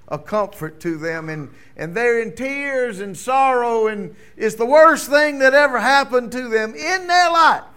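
Pastor preaching, high-pitched voice, gets loud then drops real quiet. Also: male voice, clean tone. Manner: swings between ringing loud declarations and hushed near-whispers. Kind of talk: sermon.

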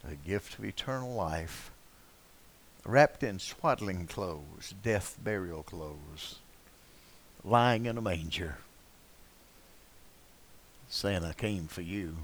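An older man preaching a sermon, telling rambling anecdotes full of uh fillers and swinging between loud and soft passages. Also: low-pitched, expressive, very slow, pauses often. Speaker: pastor. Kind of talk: sermon with folksy storytelling.

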